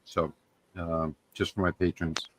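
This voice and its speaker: Man, stream guest, casual chat, relaxed, joking, lowish voice. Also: measured pace, noisy background.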